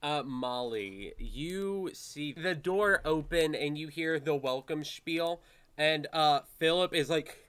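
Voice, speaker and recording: A man narrating a tabletop game as game master, relaxed and rambling with many fillers. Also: on the high side, takes it slowly, clear, resonant tone.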